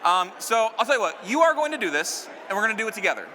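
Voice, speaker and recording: A man's voice: high-pitched, sing-song, rapid-fire, pushed and bright, big-room sound. A man performing stage magic on a live stage, keeping up joking banter with a volunteer and the crowd.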